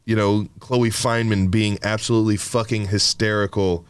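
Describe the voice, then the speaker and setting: Deep, smooth-voiced man chatting loosely. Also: little pitch movement, moderate pace, no room sound. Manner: loose, rambling, swears, laughs often. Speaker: podcast co-host. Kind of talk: casual chat.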